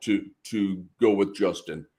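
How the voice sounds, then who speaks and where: A man's voice: low-pitched, measured pace, dark tone, breathy edge. A man co-hosting a casual podcast, chatty and agreeable, often repeating himself. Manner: chatty, frequent yeahs and repeats. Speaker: podcast co-host.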